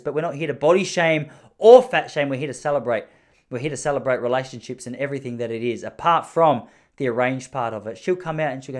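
A man rambling sarcastically in a casual comedic monologue, acting out quoted voices as he goes. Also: on the high side.

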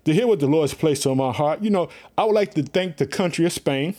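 A fervent man with a slightly raised voice preaches a podcast sermon. He comes from Illinois and speaks with the driving repetition of a pastor who keeps calling out to his listeners. His delivery stays energetic and insistent throughout. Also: a little high, brisk. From Illinois, USA.

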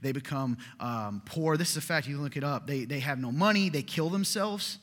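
A man in his thirties preaches to his congregation, chatty and direct, often checking in with the room. His voice sits a little high and sounds bright and edged. A long reverb trails each phrase through the hall. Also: expressive, fairly quick. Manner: conversational, keeps asking "right?". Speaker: pastor. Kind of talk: sermon. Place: church hall. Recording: echoey hall.

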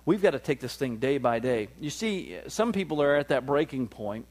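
A male pastor, preaching a sermon, swinging from loud, high peaks down to low, quiet stretches and calling for "amen" from the room. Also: sing-song, moderate pace. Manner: call-and-response preaching, rises to loud peaks then drops low.

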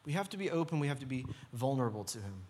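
A man's voice: medium pitch, big pitch swings, racing, darkish tone, slightly rough. A man preaching a sermon in church as pastor, earnest and urging, with lots of repetition.

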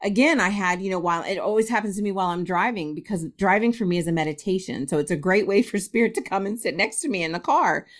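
A middle-aged woman tells a personal story as a podcast guest. She laughs often and slips into the voices of the people she quotes. Her pitch sits in the middle of the usual range for a woman. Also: animated, fast, hardly any pauses. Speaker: spiritualist medium, podcast guest.

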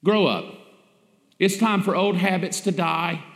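A man's voice: high-pitched, a little slow, fairly bright tone. A man preaching a sermon as pastor, emphatic and repetitive, with rhetorical questions to the congregation. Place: church sanctuary. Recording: echoey church hall.

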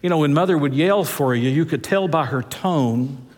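A man preaches a sermon with a somewhat high voice. He drags out key words and leaps up and down in pitch to drive points home. A long reverb from the large hall trails behind him. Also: moderate pace, a little mellow. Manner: preaching with big swings of pitch, stretched words for emphasis. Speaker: pastor. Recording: echoey church hall.

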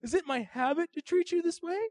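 Wronged talking donkey, a preacher voicing it, high and shouted. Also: male voice, no echo, clean studio sound. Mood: reproachful. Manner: shouted, drawn-out pleading. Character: put-upon talking donkey, pleading and indignant.

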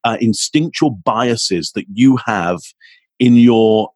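A man's voice: mid-range voice, takes it slowly, a little mellow, dry recording. A man being interviewed as a communications expert, explaining his ideas and demonstrating tones with his own voice. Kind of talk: podcast interview.

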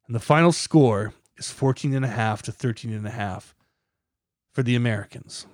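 A man's voice: mid-range voice, moderate pace, dry recording, clean studio sound. A man hosting a podcast, reading scripted documentary narration with a dramatic, building emphasis. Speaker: podcast host.

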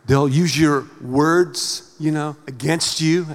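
A middle-aged male pastor preaching a sermon in a theatrical, animated way, acting out everyday scenes. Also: a little high, slow pace. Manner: animated, theatrical, acts out scenes with big swings in loudness. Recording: long reverb of a large hall.

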